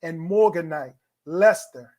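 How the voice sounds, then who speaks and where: A man's voice: on the high side, slow pace, a little mellow. Upbeat man hosting a telethon. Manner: upbeat and encouraging. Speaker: host.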